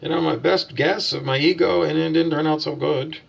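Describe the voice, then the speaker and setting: A man with a husky, gravelly voice rants like a preacher in a vlog, firing questions at himself and answering them bluntly, swearing freely. His voice sits slightly high for a man. The recording sounds dull and muffled. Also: steady tone, normal speed. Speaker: self-styled spiritual teacher. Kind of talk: ranting vlog monologue.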